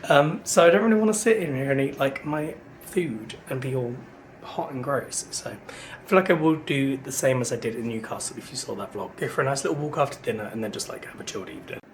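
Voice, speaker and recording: A man's voice: medium pitch, brisk, slight background noise. A man, chatting casually and rambling to his vlog camera from a hotel room. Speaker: vlogger. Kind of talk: casual day-in-the-life chat. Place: hotel room high up in a city. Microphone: handheld vlog camera.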